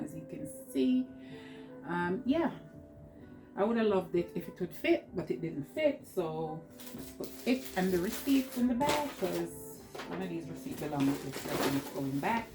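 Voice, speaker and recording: A woman with a Jamaican accent talking through a clothing haul in a chatty, rambling way, laughing often, seated at home. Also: lowish voice. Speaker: vlogger. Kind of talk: casual haul vlog.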